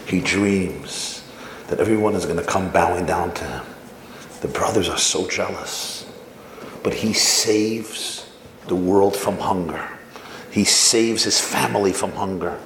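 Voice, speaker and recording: A man's voice: sits low, measured pace, fairly bright tone. A man, a rabbi, tells a story in a lecture to a staff audience and keeps asking them questions. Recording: echoey room, faint room noise.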